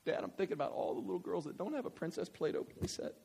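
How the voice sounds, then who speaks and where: A man's voice: high voice, expressive, fast talker, gravelly, mellow, a little hiss or hum. A man voicing a precocious four-year-old girl who speaks in mock-solemn, overly wordy sentences.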